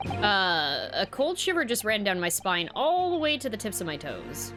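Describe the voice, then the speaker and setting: A woman's voice: medium pitch, sing-song, moderate pace, music in the background, voice pushed down, natural voice. A woman voicing a nervous young male defense lawyer in a video game, sounding flustered and unsure.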